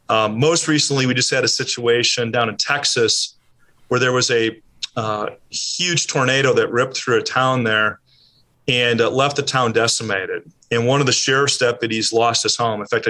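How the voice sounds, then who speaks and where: Man, charity CEO, bright tone, earnest, measured, interview guest. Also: medium pitch. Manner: earnest, measured, uses ums. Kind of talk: interview answers.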